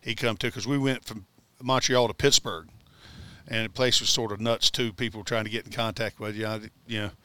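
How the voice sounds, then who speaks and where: A man, a former pitcher, telling rambling anecdotes in casual conversation, laughing as he goes. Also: steady tone, a little fast, bright, forceful tone, smooth, no room sound. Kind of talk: casual storytelling. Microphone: studio mic in radio booth.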